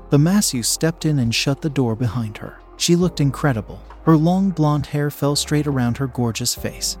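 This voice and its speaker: Man narrating, unhurried and even, soft music underneath. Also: mid-range voice. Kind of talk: first-person story narration. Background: faint background music.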